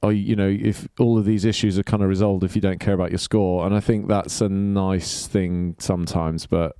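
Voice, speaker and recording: A man's voice: deep voice, level tone, moderate pace, mellow, smooth, dry recording, studio quality. A man, a podcast guest talking casually in a rambling, hesitant way with many fillers. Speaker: podcast guest, golf club director. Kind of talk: casual chat.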